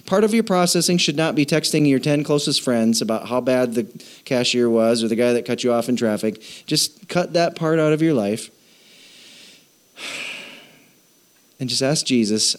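A man, a pastor, preaching a sermon in a playful way, acting out little dialogues in quick voices. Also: fairly high pitch, expressive.

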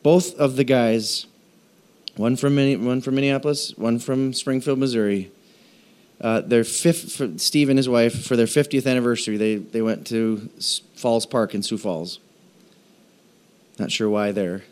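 A man preaching a sermon, telling stories and acting out quoted voices, with halting restarts between phrases. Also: mid-range voice, clear, resonant tone. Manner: storytelling with animated quoted voices. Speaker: pastor.

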